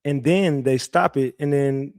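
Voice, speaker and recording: A man hosting a livestream, animated and profane as he retells a court hearing with lots of restarts. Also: medium pitch, a little slow, no echo, studio quality. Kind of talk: casual livestream storytelling.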